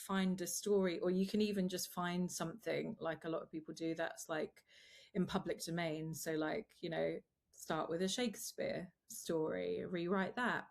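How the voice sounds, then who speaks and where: Chatty woman film producer, lower voice. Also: creaky. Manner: chatty, quick asides with laughs. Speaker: guest filmmaker and producer. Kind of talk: casual interview chat.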